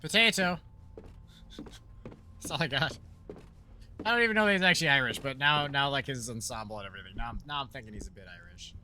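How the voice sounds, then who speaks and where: A man casually commenting while playing a horror game, rambling and joking as he thinks out loud. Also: mid-range voice, quick pace, pauses often. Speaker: let's play streamer.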